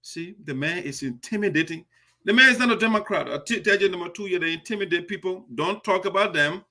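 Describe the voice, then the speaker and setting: A man's voice: sits high, fast talker, sharp tone. A man hosting a radio show and giving indignant, emphatic political commentary with frequent restarts. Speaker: host of a diaspora radio show.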